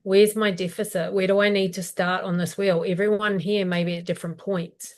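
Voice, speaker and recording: A woman co-hosting a business live stream, practical and steady, asking questions aloud as she explains. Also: medium pitch, brisk.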